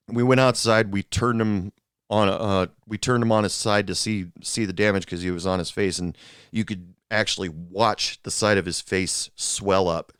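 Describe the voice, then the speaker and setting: A man with a lowish, smooth, clear voice tells stories from his bartending days in a loose, rambling way. He stops and restarts often and leans on fillers. The sound is close and dry, with no room around it. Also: a bit bright, no echo. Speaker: podcast host, former bartender. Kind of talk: casual storytelling monologue.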